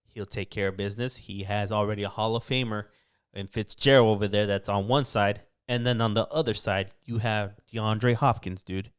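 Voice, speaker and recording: A man with a smooth, low voice talks through quarterback rankings in relaxed sports-podcast banter. He sounds animated, and his voice leaps upward when he gets excited. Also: normal speed. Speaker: podcast co-host. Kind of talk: casual sports chat.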